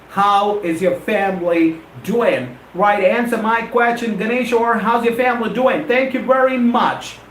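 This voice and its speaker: A man teaches a live-stream lesson in a rather high voice. He talks straight to his viewers and repeats words over and over to drill them. The sound is roomy and echoey, with a faint hum of ambience behind. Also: a bit bright. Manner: repetitive, drilling pronunciation, addresses viewers directly.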